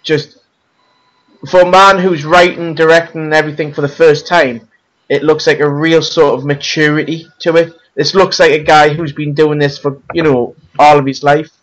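Opinionated co-host, a touch higher-pitched, grasping for names mid-sentence. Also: male voice, level tone, moderate pace, low-quality recording. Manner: emphatic, searches for words. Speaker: podcast co-host. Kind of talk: casual film chat.

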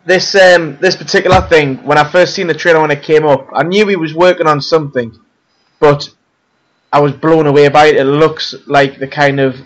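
Opinionated co-host, a touch higher-pitched, grasping for names mid-sentence. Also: male voice, fairly even intonation, moderate pace, lo-fi sound. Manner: emphatic, searches for words. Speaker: podcast co-host. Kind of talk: casual film chat.

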